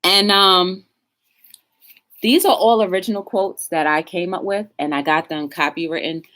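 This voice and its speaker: A woman's voice: on the low side, fairly even intonation, moderate pace, a bit bright. A woman hosting a casual live-stream talk show, chatting straight to her viewers and reading quotes aloud with emphasis.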